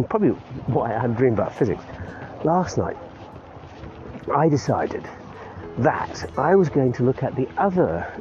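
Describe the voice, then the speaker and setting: A man's voice: medium pitch, noisy background. Chatty man rambling on a dog walk. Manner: chatty, laughs often, many restarts. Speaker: podcaster. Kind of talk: rambling casual monologue. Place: outdoors walking a dog in a valley. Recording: muffled recording with clear music behind.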